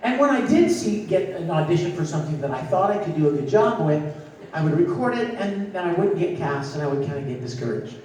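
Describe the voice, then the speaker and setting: A man, a voice actor, telling a lively anecdote on a convention panel and acting out voices. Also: on the high side, fairly quick, a little hiss or hum. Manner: animated, acts out voices. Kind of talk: storytelling anecdote to a live audience. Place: large convention hall. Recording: echoey hall, distant mic, faint ambience.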